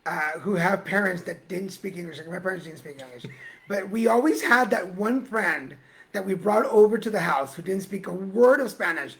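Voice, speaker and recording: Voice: medium pitch, animated, normal speed, creaky, a bit bright. Playful co-host teasing a friend, voice jumps around a lot. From Latino family. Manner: playful, teasing, lots of laughter. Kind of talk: casual chat.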